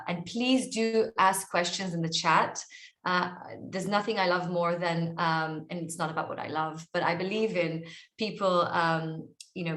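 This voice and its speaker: A woman's voice: on the low side, a bit bright, roomy sound. A woman with an Israeli accent, an author and coach speaking earnestly in an online interview, often repeating words as she searches for her phrasing.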